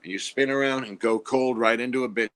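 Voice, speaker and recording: Brief: male guest with a bright voice, loose and talkative. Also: mid-range voice, brisk. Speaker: guest comedian. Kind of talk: casual chat.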